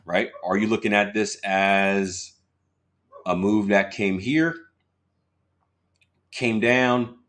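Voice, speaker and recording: A man's voice: on the low side, slow pace, long pauses, fairly bright tone. A man coaching viewers through a live trading walkthrough, chatty and casual, talking straight to his audience and asking for replies.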